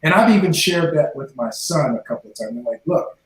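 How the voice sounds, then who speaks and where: Animated and brisk, a former NFL player in his forties shares his life story as a podcast guest, voicing the people in the conversations he retells. His pitch is fairly high and the room is echoey.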